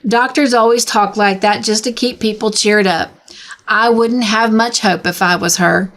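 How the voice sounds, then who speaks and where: A woman's voice: mid-range voice, fairly even intonation, normal speed, fairly bright tone, lightly acted. A woman reading aloud and voicing a sour, contemptuous, pessimistic woman in her late fifties. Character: sour, gloomy old woman, fifty-seven.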